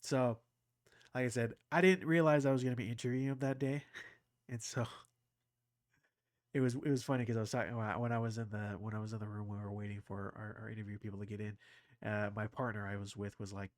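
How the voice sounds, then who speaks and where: A man with a lowish voice rambles casually to his viewers, restarting sentences and getting visibly excited like a fan. His voice sits dry and close, with no room sound around it. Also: fast, no echo. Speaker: anime reaction channel host.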